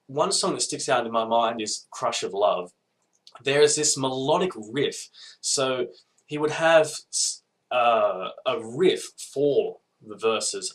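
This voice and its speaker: A man's voice: medium pitch, fairly bright tone, poor audio. A man with an Australian accent talking casually to camera in a video response, hesitant and laid-back, with many ums and restarts. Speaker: podcast listener giving a video response. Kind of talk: casual rambling monologue.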